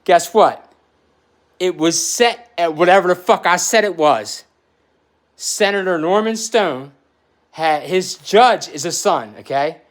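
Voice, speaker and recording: A man in his forties telling a story in a podcast chat, animated and profane, getting emotional as he talks. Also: high-pitched, slow pace. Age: 40s.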